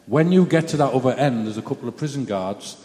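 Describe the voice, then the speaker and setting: A man's voice: mid-range voice, expressive, fast talker, warm tone, long reverb tail. A man giving a personal testimony in a chatty, blunt, self-mocking storytelling way.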